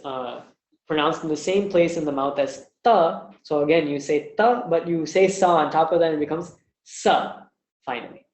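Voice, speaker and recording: Guy teaching an online class, patient, slightly high voice, lots of room echo. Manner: patient, demonstrates sounds slowly. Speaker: language teacher. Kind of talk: online lesson. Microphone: webinar mic.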